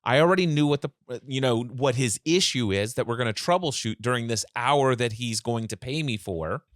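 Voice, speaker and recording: A man telling a story in a podcast interview as a mindset coach, acting out both sides of a phone call in lively voices, speaking over a remote call. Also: medium pitch, brisk, no room sound, studio quality.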